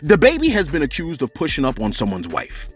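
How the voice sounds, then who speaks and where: A man hosting a celebrity gossip channel, talking in animated, joking street slang. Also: fairly high pitch, a little fast, faint music behind.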